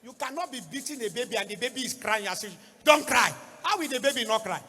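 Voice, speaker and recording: A man with a Nigerian accent preaching a sermon, swinging from low asides into sing-song shouts. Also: lively intonation, racing, husky, big-room sound. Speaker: pastor.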